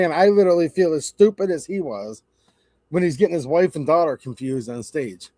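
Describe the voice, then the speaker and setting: A man with a high-pitched voice rants on his live stream, mocking and sarcastic, wandering from point to point. The sound is close and dry, with no room around it. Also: animated, a little fast, warm tone, no echo. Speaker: channel host. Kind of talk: live-stream commentary rant.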